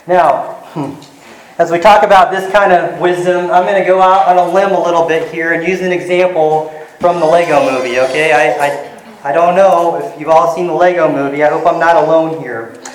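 A man's voice: on the high side, moderate pace, echoey room, a little hiss or hum, low-quality recording. A man preaching a sermon in an earnest teaching manner, walking listeners through scripture. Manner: earnest, retells scenes with lively voices.

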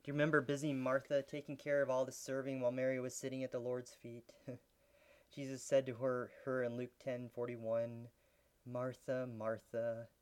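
Male pastor, sermon delivery, earnest teacher, mid-pitched voice, builds intensity. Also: flat delivery, fairly quick, darkish tone, smooth.

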